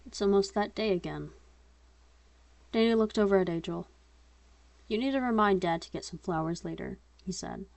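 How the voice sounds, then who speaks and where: A woman's voice: medium pitch, moderate pace, vocal fry, pauses often, a little mellow, dry recording. A young woman reading her own story aloud in an unedited, casual way, voicing narration and dialogue in her own voice and breaking off to comment on her slips.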